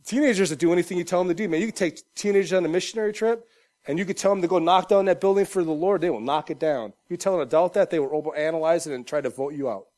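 A young adult male pastor preaching a sermon, animated, swinging from loud, shouted lines to quiet, joking asides. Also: on the high side, racing.

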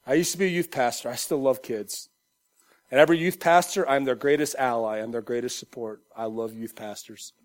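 A young adult male pastor preaching a sermon, animated, swinging from loud, shouted lines to quiet, joking asides. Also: mid-range voice, brisk.

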